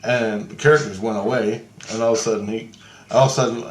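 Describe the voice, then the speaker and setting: A man's voice: on the low side, steady tone, fast talker, a little hiss or hum. A man casually retelling a dream in a rambling, profane way, full of fillers and "he goes". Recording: roomy echo.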